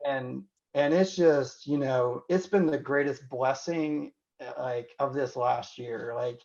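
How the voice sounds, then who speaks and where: Slow and gravelly, this mid-range male voice has a darkish tone, and the highs are cut off in the audio. He is a physician from Indiana, USA, guesting on a podcast in a candid conversational interview, reflecting openly with frequent "you know"s and restarts.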